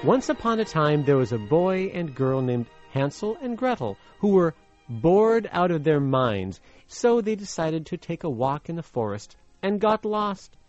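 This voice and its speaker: A man's voice: a little high, a little slow, faint music behind. A playful man from Los Angeles who tells a fairy tale and explains idioms as a slang teacher, with a slightly muffled radio sound. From Los Angeles, USA. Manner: playful, animated, laughs easily. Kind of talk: storytelling lesson explaining idioms.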